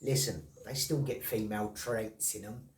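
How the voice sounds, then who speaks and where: Speaking casually to camera, a blunt man vlogs about snaring and trapping, rambling, swearing, and laughing in disbelief. His voice is fairly low and steady at a normal speed, and the recording sounds roomy and distant.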